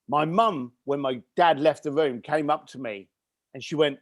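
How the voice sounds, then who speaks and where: A man with a high, light speaking voice tells a story with real energy, acting out his family's lines as he goes. The sound is close and dry, with no room in it. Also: normal speed, dry recording. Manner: animated storyteller who acts out family dialogue. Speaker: podcast guest. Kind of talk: storytelling interview.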